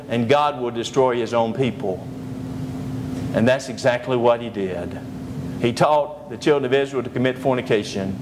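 A man's voice: mid-range voice, a little hiss or hum, low-quality recording. A male preacher giving a sermon lecture, telling a story animatedly with humorous asides.

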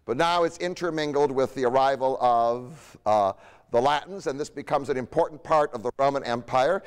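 A man's voice: on the high side, clear, resonant tone, in a large hall. A man giving a history lecture in a conversational way, often tossing rhetorical questions to his audience.

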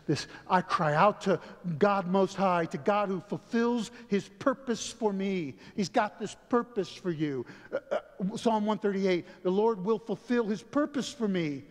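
A male pastor giving a sermon, moving between quiet, low asides and loud, emphatic passages, and often chuckling as he talks to the congregation. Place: church sanctuary. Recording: long reverb of a church hall.

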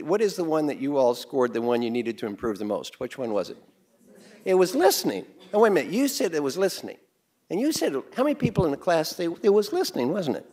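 A man's voice: fairly high pitch, darkish tone. A man giving an interactive, joking business lecture to a class, quizzing the audience and giving them exercises. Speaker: business speaker teaching a class.

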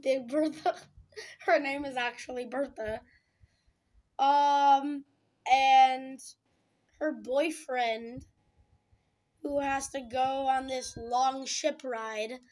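A young woman rants about a film with dramatic, sarcastic exasperation. Her voice sits high. She drags her words out slowly. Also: steady tone, darkish tone. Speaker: film reviewer. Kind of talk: casual film review chat.

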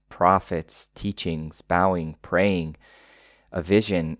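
Male English teacher, low voice, patient step-by-step explainer, dry studio sound. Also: dry recording. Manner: patient, spells out word meanings step by step; drops into a soft whisper to demonstrate. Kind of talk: explaining song lyrics for learners.

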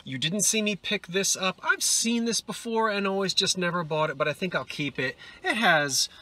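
A man's voice: high-pitched, moderate pace, pushed and bright, no echo. A man in a casual vlog, admiring glassware finds and noting their dates. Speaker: antiques and vintage reseller.

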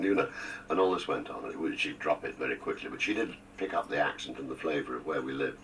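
A man's voice: rumbling low, fast, hardly any pauses, fairly bright tone, recorded from a distance, slight background noise, poor audio. An older man, a guest on a radio interview, reminiscing with jokes and theatrical asides. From England. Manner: jokey, theatrical storyteller with asides.

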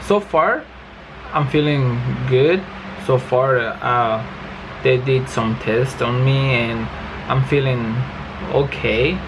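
Slow, halting man vlogging at home. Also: mid-range voice, background noise. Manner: slow, halting and repetitive, swears often. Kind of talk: casual vlog monologue. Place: home bedroom.

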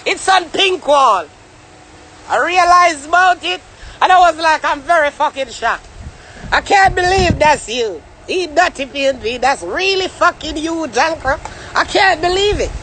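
A young Jamaican man talks straight at the camera in heavy patois, in a voice that sits high for a man. He swears freely and keeps asking the listener if they follow him. Faint street noise hums behind him outdoors. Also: measured pace. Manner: loud, swearing, animated rant with frequent asides to the listener. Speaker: vlogger. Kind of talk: ranting year-in-review vlog in patois.

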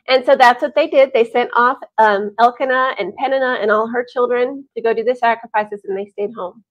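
A woman retells a Bible story for families in an animated, chatty way, her voice pitched fairly high. The recording sounds dull and lo-fi, with little top end. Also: a little fast, few pauses. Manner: animated, chatty, with sighs and laughs. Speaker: Bible teacher.

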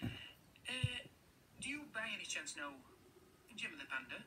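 A man's voice: sits high, very animated, measured pace, pauses often, far from the mic, noisy background. A man with a Yorkshire accent, a YouTuber chatting through a puppet comedy sketch.

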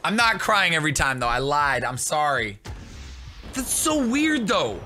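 A young man hosts a hyped gaming commentary, his bright voice leaping up and down as he jokes and bursts into shouts. He talks fast and loose, with faint music under him. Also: on the high side. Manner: excitable, jokey, bursts into shouts. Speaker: gaming video host.

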